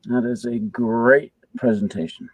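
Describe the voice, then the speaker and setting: A man's voice: medium pitch, fairly even intonation, measured pace, breathy edge, no echo, low-quality recording. A man joining a live-stream auction chat, hearty and enthusiastic.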